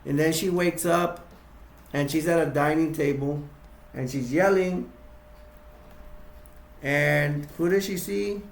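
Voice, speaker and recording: A man's voice: a little high, takes it slowly, long pauses, echoey room. A man casually retelling a horror film scene by scene, rambling with restarts and acting out quotes in a raised voice. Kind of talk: casual acted-out retelling with toys.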